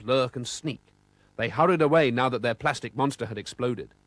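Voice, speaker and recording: A man narrating a children's storybook in an expressive, animated way. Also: mid-range voice, dry recording.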